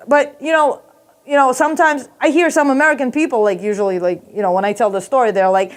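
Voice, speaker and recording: A woman's voice: high-pitched, brisk. A woman performing a stand-up comedy routine, telling a brash, profane story and jumping into character voices.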